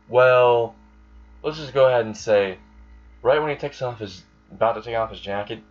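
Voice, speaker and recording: A young man casually improvising a fan story, rambling, swearing and correcting himself as he goes. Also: lowish voice. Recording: dull lo-fi recording.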